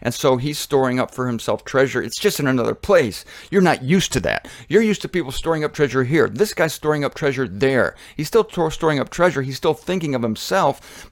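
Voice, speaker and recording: A man giving a sermon in an animated, conversational way, often acting out voices. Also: mid-range voice, brisk, no echo, clean studio sound. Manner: animated, conversational, acts out quotes.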